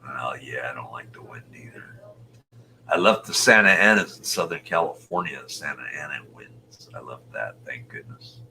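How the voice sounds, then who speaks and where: A man in his sixties hosts a loose live chat with viewers, rambling from one thought to the next. His voice is very deep yet has a sharp, bright edge, and he talks slowly, often sinking into muttered, half-whispered asides. A faint hum sits under the audio. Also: lively intonation, creaky. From Utah, USA. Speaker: show host reading viewer chat. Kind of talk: casual livestream chat.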